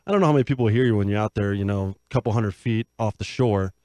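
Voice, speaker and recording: A man's voice: fairly low pitch, quick pace, warm tone, no echo. A man hosting a comedic advice panel, joking and reading listener letters aloud in a raised, upbeat voice.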